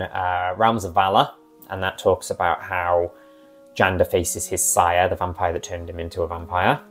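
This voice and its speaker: A man's voice: deep voice, a little mellow. A man who runs a tabletop game, chatting casually and rambling with asides as a channel host. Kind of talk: casual talk about a tabletop game character.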